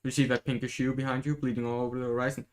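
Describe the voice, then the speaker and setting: A man voicing a calm, dry, cryptic teenage girl in a soft, measured tone, reading a comic aloud. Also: mid-range voice, close to an everyday voice.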